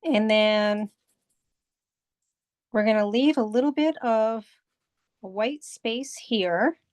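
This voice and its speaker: Slow, patient woman teaching drawing. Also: a little high, darkish tone, dry recording, studio quality. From United States. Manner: patient, repeats steps. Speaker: art instructor. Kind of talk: step-by-step drawing lesson.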